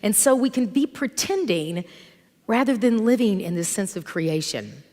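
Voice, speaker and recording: A middle-aged woman minister giving a sermon in a church, telling stories in an animated, conversational way. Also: mid-range voice, moderate pace. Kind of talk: sermon with storytelling. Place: church sanctuary. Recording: long hall reverb from church.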